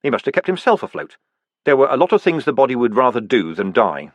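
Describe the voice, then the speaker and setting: Lively man reading a fantasy audiobook. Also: medium pitch, fast talker, no room sound, muffled recording. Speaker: narrator. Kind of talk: audiobook narration.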